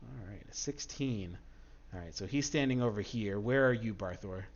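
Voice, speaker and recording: Low-voiced game master, lo-fi audio. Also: male voice, a little hiss or hum. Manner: halting, with many fillers and restarts. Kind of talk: narrating a tabletop game. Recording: dull lo-fi recording.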